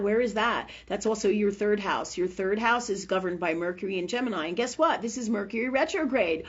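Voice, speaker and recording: On a muffled recording, a woman with a slightly high voice runs a live call-in spiritual health reading show as a medical intuitive. She rambles chattily, swears casually, and keeps asking "right?"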